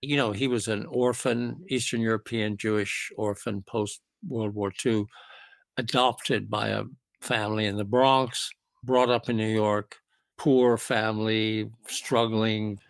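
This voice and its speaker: A man's voice: lowish voice, steady tone, measured pace, gravelly, no room sound. A man who is the guest on an interview show, telling stories with eager enthusiasm and piling up examples. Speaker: guest author and music producer. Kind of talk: interview storytelling.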